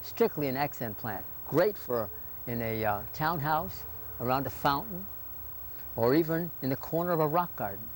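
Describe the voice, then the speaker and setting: A man's voice: medium pitch, expressive, normal speed. A man hosting a folksy how-to gardening show outdoors, talking straight to viewers in a chatty, homespun way. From Northern Virginia. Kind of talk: folksy how-to presentation to camera. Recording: faint background noise, 1980s local TV.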